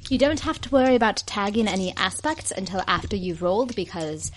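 A woman's voice: medium pitch, lively intonation, a little fast, background noise. A woman playing a tabletop game, teasing the others and explaining rules in a plain, casual way. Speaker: player.

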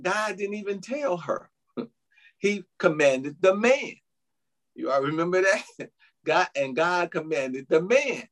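A male pastor preaching a sermon, calling out to the congregation with frequent amens, hallelujahs and little laughs. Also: fairly high pitch. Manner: preaching with frequent "amen" and laughs, addressing "saints".

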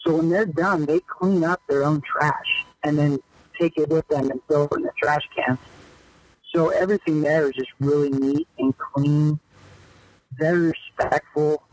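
A fairly high-voiced man speaks as a podcast guest. He tells stories from his playing days in a loose, chatty way, with plenty of fillers and restarts. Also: a little slow, dry recording, rough recording. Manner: loose, animated storyteller with lots of fillers. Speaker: guest, former pro baseball player. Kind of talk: casual podcast storytelling.

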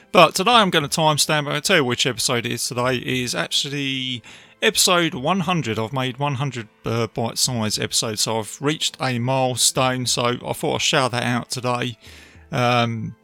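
A man's voice: medium pitch, normal speed, creaky, sharp tone, no room sound. A man hosting a casual film review podcast, retelling scenes in a chatty way with plenty of fillers. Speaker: podcast host.

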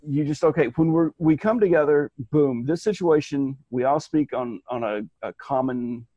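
A man chatting casually as a podcast co-host, rambling and animated, restarting his sentences and slipping into mock voices. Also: on the high side, moderate pace, no room sound, highs cut off. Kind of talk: casual chat.

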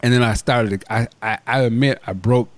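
A man's voice: medium pitch, fairly even intonation, brisk, dry recording. A man hosting a podcast, telling a story in a blunt, profane, casual way. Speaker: podcast host.

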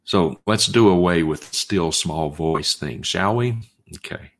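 A man's voice: sits low, unhurried. A man giving an expository sermon, reading scripture aloud and arguing each point with emphasis. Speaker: Bible teacher.

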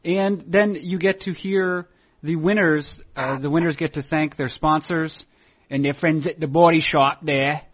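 A man's voice: a little high, fairly even intonation, unhurried. Chatty man with a raised voice. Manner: chatty, rambling with restarts and laughs. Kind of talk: casual chat. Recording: dull lo-fi recording.

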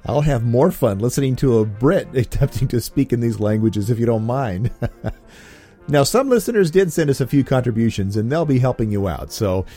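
A man hosting a holiday podcast in a lively, joking manner. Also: medium pitch, normal speed, soft background music. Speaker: host. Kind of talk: casual podcast chat.

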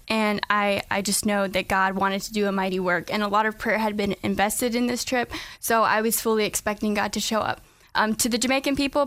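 A young adult woman speaking as a radio interview guest in an earnest, halting way with many ums, at a studio microphone. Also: mid-range voice, fairly bright tone, dry recording. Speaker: guest, student back from a mission trip.

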